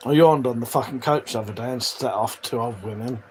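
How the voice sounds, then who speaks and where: Sweary laughing streamer. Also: male voice, medium pitch, a little fast, few pauses, a little mellow, slight background noise, low-quality recording. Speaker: livestream host. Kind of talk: casual live chat reading viewer comments.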